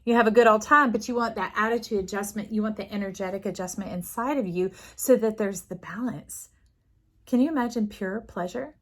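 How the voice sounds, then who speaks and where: A woman gives a casual, intuitive tarot reading, speaking straight to the listener as "y'all" and "love" and wandering into lively stories. Chatty and warm-hearted, she digresses freely and animates quoted voices, her mid-range voice moving briskly.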